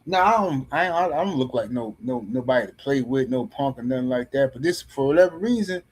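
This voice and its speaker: A middle-aged man on a podcast panel tells a story casually, in a blunt, profane and animated way, often restarting his sentences. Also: mid-range voice, fairly quick, slightly rough.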